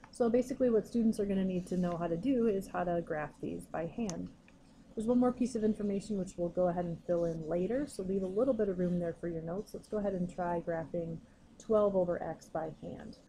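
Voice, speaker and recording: A woman's voice: fairly low pitch, mellow, a little hiss or hum, rough recording. Patient woman teaching a math lesson. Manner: patient, step-by-step explaining. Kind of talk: recorded classroom lesson.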